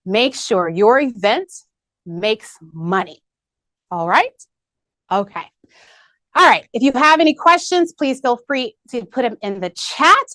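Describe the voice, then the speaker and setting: A woman's voice: a little high, expressive, slow pace, a bit bright, no echo. A woman presenting to a team in an upbeat business meeting, peppy and rallying, repeating key points. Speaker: marketing presenter. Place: video call meeting.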